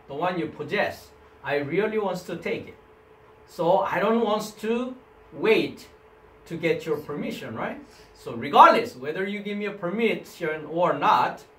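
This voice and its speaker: A man's voice: sits high, fairly bright tone. A man with a Korean accent teaching a Greek language class in non-native English, checking with students by asking "right?". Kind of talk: classroom lecture. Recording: echoey room, mic at a distance, faint background noise.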